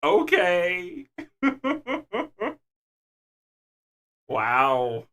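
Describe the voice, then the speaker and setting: A man's voice: medium pitch, unhurried, pauses often, bright, forceful tone. A young man streaming games, chatting casually and laughing between jokey remarks. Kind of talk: casual live-stream chat.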